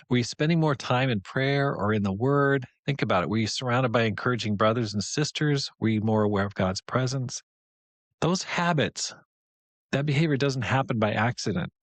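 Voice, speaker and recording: A man's voice: medium pitch, no echo. A man hosting a devotional podcast, teaching in an earnest, conversational and encouraging way. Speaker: podcast host.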